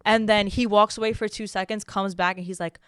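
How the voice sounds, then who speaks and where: Brisk and clean-toned, her mid-range voice comes through at studio quality with no echo. The young podcast co-host tells animated stories in casual chat, cursing freely and performing what people said.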